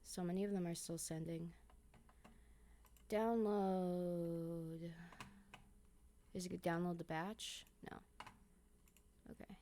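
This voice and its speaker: A woman streamer chatting casually and swearing often, muttering to herself between excited bursts. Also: lowish voice, takes it slowly, long pauses. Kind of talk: casual vlog chat while sorting photos.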